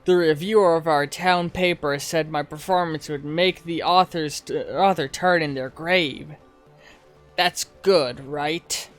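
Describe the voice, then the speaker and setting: A man voicing a vain small-town woman performer who talks slowly and smugly. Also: on the high side, fairly even intonation, fairly bright tone, faint music behind. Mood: proud.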